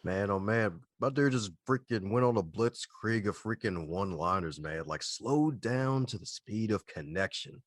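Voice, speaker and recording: A man with a very low voice hosts a podcast in an excited, slangy way. The sound is dry and close, with no room echo. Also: moderate pace, hardly any pauses. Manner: hyped, slangy and enthusiastic. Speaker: podcast host. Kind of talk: casual interview chat.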